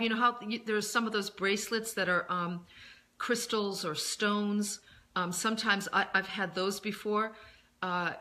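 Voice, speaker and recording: A woman author talking through self-soothing advice in a casual, gentle monologue, pausing often with fillers and restarts. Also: medium pitch. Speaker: self-help author and speaker.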